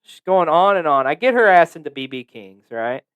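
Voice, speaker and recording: A man's voice: fairly high pitch, very animated, brisk, fairly bright tone, clear, resonant tone, highs cut off. A man hosting a podcast, telling a story in a casual, profane, joking way. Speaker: podcast host.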